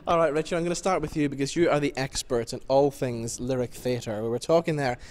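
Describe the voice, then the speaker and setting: A TV presenter introducing a show and questioning actors in a brisk, friendly way. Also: male voice, medium pitch, darkish tone. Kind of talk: TV interview.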